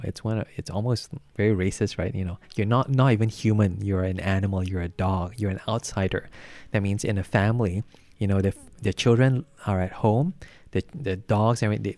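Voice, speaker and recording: Low-voiced man preaching conversationally. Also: a little mellow, no room sound. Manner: conversational, anecdotal preaching with many fillers. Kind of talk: sermon.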